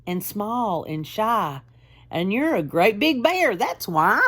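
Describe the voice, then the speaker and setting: A small, shy little boy speaks in a timid voice, as a woman puts him on while reading a storybook aloud. His lines lilt up and down and come out slowly. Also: mid-range voice, big pitch swings, a bit bright, heavily acted.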